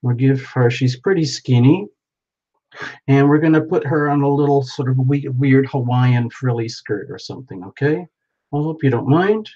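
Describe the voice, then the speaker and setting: A man's voice: mid-range voice, moderate pace, dark tone. A playful man chatting with his live viewers as he paints, narrating each step with frequent exclamations. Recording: dull lo-fi sound.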